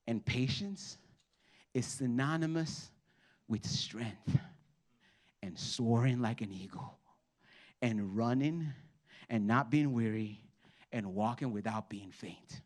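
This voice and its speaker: A man preaching a sermon, animated, asking the congregation to respond and dropping to quiet asides. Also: mid-range voice, slow pace, long pauses. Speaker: pastor.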